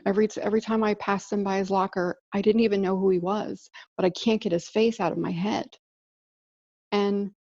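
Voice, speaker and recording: A woman's voice: medium pitch, vocal fry, mellow, no room sound. A woman podcast host telling a heartfelt personal story in an earnest, reflective way over an online call. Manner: earnest, heartfelt, speaks of feelings with emotion. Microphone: online call setup. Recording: dull, muffled call audio.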